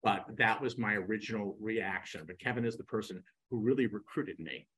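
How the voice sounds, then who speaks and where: A man in his sixties, a podcast guest, telling animated stories and acting out the dialogue. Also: fairly low pitch, a little fast, slightly rough, poor audio. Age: 60s. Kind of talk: storytelling in a podcast interview.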